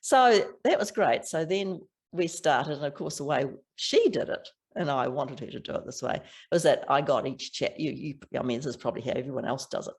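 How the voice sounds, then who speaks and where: A woman's voice: deep voice, lively intonation, brisk, darkish tone, breathy edge. An older woman with a strong New Zealand accent, chatting as an author guest in an interview with frequent laughs and restarts. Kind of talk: casual interview chat.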